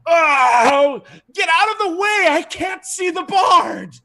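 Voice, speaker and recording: A man voicing a frantic monster infatuated with a bard, shouting in a shrill, strained voice. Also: animated, takes it slowly, exaggerated voice.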